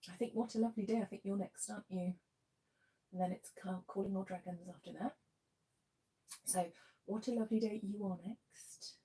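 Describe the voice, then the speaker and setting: A woman reading tarot cards on a livestream, soft-spoken and giggly, her voice worn as she loses it. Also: mid-range voice, steady tone, brisk, pauses often, slightly rough. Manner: soft-spoken, giggly, often drops to a murmur. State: losing her voice. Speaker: tarot reader.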